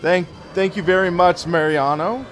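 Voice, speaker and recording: A man's voice: high-pitched, normal speed, a little hiss or hum. A man in his early twenties giving chatty, rambling commentary while he plays a racing game live and thanks viewers. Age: early 20s. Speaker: sim racing streamer. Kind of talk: casual live gameplay commentary.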